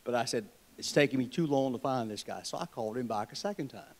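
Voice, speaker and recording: A man with a Southern US accent addresses a convention crowd from the podium. He tells his stories in a folksy, wry, joking way. His voice sits at an average pitch for a man. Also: expressive, fast, a little mellow. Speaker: state treasurer giving a convention speech. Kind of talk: political speech with folksy storytelling. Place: convention hall.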